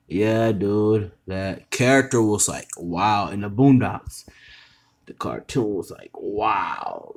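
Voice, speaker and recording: A man's voice: low voice, takes it slowly, creaky, slightly rough. A man speaking casually to camera in slangy, repetitive, enthusiastic talk.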